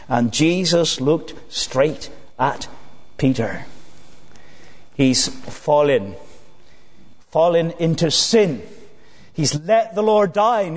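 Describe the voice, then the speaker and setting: A man preaching an evening sermon in a church, earnest, slowing down and dropping low on key phrases. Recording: long church hall reverb.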